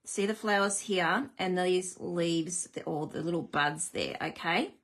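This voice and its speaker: Chatty woman hosting a live card-making stream, lower-pitched, teasing herself as she works. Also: steady tone, measured pace, a bit bright. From Australia. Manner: chatty, self-deprecating, greets viewers. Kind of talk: live craft demonstration.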